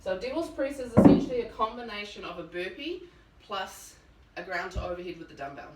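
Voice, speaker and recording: A woman's voice: medium pitch, lively intonation, a little fast, reverberant, far from the mic, heavy background noise. A woman fitness coach at home, talking through workout moves while she demonstrates them. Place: home room.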